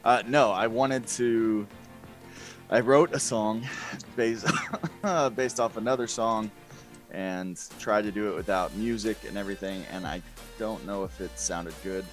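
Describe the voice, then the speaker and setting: A man with a lowish voice talks casually as a guest, wandering through his thoughts with many fillers. Faint music sits behind him. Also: a little slow. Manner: rambling, filler-heavy, laughing easily. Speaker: guest player. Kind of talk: casual podcast chat.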